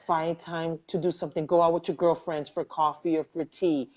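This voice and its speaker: A middle-aged woman hosting a live video interview, telling a personal story in animated, rushing bursts and earnestly encouraging her guest. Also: deep voice. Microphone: webcam or phone on a video call. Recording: dull lo-fi livestream audio.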